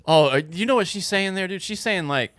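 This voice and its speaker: A man's voice: high voice, lively intonation, fairly quick, fairly bright tone, soft background music. A man co-hosting a podcast in casual chat, easygoing and agreeable, often laughing along. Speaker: podcast co-host.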